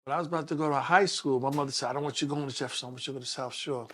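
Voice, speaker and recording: A man's voice: medium pitch, racing. A man in his sixties with a New York accent, a detective telling his life story as an interview guest, acting out the voices of people in it. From New York City. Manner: animated, acts out quoted voices in stories.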